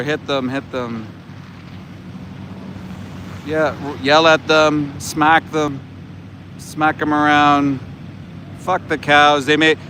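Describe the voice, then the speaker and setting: A man's voice: on the high side, pushed and bright, slight background noise. A man mocking a callous foul-mouthed worker. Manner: crude, sneering mockery. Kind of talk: mocking impression on a livestream.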